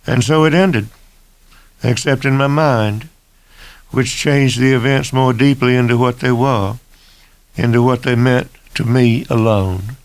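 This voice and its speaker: A man in his sixties reading his own novel aloud in a measured, deliberate first-person narration. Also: medium pitch, steady tone, no echo. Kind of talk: abridged audiobook narration.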